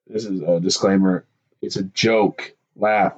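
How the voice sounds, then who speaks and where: A man's voice: sits low, a little slow, slightly rough, highs cut off. A man co-hosting a podcast in casual, profane, joking banter. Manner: joking, profane, lively delivery. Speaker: podcast co-host.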